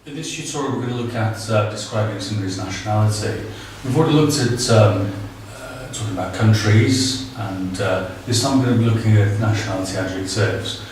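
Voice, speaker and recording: Male tutor, slightly low voice, halting delivery; distant, roomy recording with faint hiss. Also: darkish tone. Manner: hesitant, many ums and uhs. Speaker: language teacher. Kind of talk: casual spoken tutorial. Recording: very echoey, distant, faint background noise.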